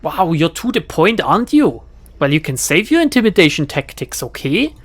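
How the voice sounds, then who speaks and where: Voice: mid-range voice, very animated, normal speed, husky. A streamer putting on a bitter young hacker woman with a German accent. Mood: snippy. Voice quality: shaky put-on German accent. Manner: curt and sharp. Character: bitter female hacker in her twenties, weary. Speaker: game character read aloud. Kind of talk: reading game dialogue aloud.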